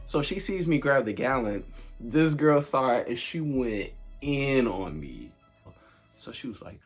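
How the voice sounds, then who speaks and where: A young man in a casual storytime vlog, animated and heavy on fillers. His voice sits at a middle pitch with a husky grain. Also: normal speed, faint music behind. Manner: animated, laughing, lots of filler words. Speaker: vlogger.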